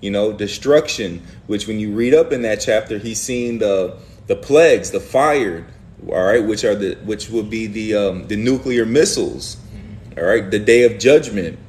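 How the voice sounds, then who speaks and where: A man leading a lively Bible study discussion, speaking emphatically and casually, reading verses aloud and acting out the prophets' words. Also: on the low side, normal speed, slight background noise.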